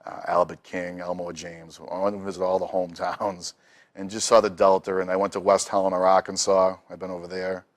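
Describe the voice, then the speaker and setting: A middle-aged man tells stories in a relaxed, chatty way. His voice sits a little low, and he slips into the voices of the people he talks about. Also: brisk. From Boston. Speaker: musician guest. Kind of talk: casual storytelling.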